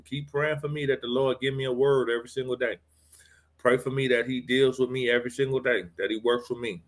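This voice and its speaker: A man's voice: mid-range voice, bright, forceful tone. A man leading a live motivational sermon with affirmations, fervent and exhorting, often repeating words. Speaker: motivational preacher.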